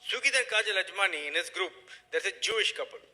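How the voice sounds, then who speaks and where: A middle-aged man giving a motivational business talk, emphatic and preachy, swinging between loud and hushed. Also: sits high, expressive, quick pace, rough recording. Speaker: motivational speaker.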